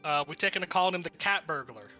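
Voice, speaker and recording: A man's voice: fairly high pitch, expressive, quick pace, pushed and bright, faint music behind. A man playing a curt, guarded marshal. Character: wary terse male marshal bounty hunter.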